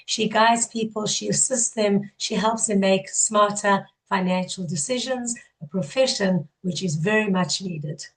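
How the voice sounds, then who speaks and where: A woman with a South African accent hosting an interview podcast, a little hoarse, upbeat and effusive as she introduces her guest. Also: mid-range voice. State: partly lost voice, hoarse. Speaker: podcast host.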